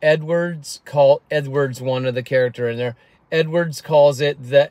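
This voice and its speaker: A man's voice: medium pitch, steady tone, moderate pace, darkish tone, no echo. A man vlogging casually about a book he is reading, rambling with many restarts, recorded outdoors through an earphone mic. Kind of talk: casual talk to camera. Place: outdoors on windy clifftop.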